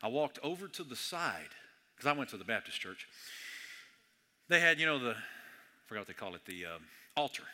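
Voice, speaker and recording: A man preaching a sermon in a church, conversational and joking, swinging between hushed and loud. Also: mid-range voice, big pitch swings, normal speed, long pauses. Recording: echoey hall reverb.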